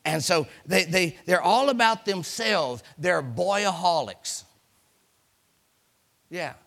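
A man's voice: high voice, animated, slow, vocal fry, a bit bright. A middle-aged man preaching a sermon in a folksy storytelling way, acting out voices and repeating words for effect.

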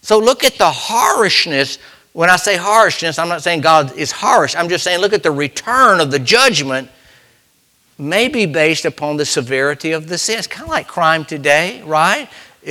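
Bright-voiced male preacher, slow emphasis. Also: a little high. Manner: conversational preaching, repeats and restarts phrases, slows for emphasis. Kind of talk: sermon.

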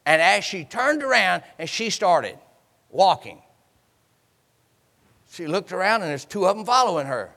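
High, animated preacher in a reverberant church. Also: male voice, measured pace, vocal fry, pauses often. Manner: dramatic storytelling, acting out voices, call and response. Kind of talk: sermon.

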